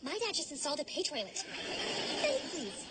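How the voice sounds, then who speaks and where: An actress playing a spoiled, clueless young rich heiress who whines melodramatically, on a noisy TV soundtrack. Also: female voice, high-pitched, wildly swooping pitch, a little fast. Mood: whiny. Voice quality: whiny, airheaded drama. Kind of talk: sitcom acting.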